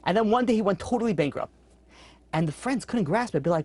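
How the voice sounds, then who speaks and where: Man, rabbi-teacher, rapid chatty storyteller, dry close mic. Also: expressive, darkish tone, slightly rough, no echo. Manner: quick, conversational, acts out characters with sudden high-pitched outbursts. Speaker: rabbi teaching a weekly class. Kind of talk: storytelling Torah class.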